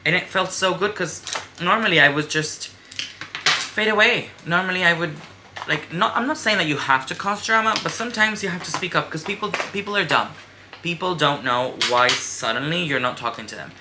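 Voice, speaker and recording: A woman's voice: lowish voice, lively intonation, fairly quick, noisy background. A woman in her twenties chatting candidly and emphatically while doing her makeup, swearing freely. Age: 20s. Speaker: beauty vlogger. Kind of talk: casual get-ready-with-me chat.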